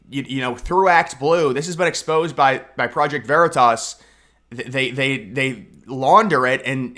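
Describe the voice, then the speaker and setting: A man's voice: medium pitch, sharp tone. A young man giving casual political commentary in a mocking, sarcastic way, often restarting his sentences.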